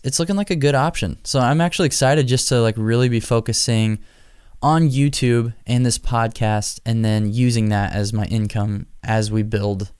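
A man's voice: medium pitch, a little mellow, clean tone, no echo, studio quality. A young man from Nebraska hosting his podcast alone, chatting casually in a rambling, jokey, self-deprecating way. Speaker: podcast host. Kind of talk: casual solo podcast chat.

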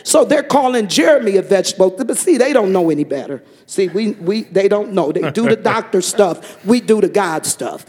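A man giving a fervent testimony to a church congregation, telling a story and breaking into shouted praise. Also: sits high, expressive, moderate pace, few pauses.

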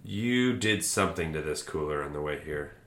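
A man co-hosting a casual beer-tasting podcast, bantering in a relaxed, joking way. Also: rumbling low, normal speed. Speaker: podcast co-host. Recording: echoey room.

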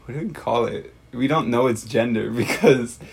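A woman's voice: rumbling low, moderate pace, gravelly, darkish tone, a little hiss or hum. A young woman co-hosting a casual podcast, chiming in with short remarks and agreeing as she joins the conversation. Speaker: podcast co-host. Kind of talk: casual chat.

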